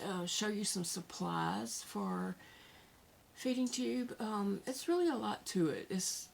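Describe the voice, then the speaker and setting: A woman with a Southern American accent talking casually to her viewers at home, candid and soft-spoken with pauses and fillers, emotional after crying. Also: medium pitch, gravelly, a little hiss or hum. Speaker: vlogger. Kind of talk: casual vlog talk to camera. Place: at home, indoors.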